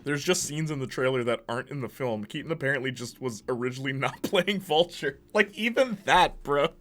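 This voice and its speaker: A man hosting a casual movie ranking, excitable and slangy, laughing often as he talks. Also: mid-range voice, fairly quick. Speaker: host.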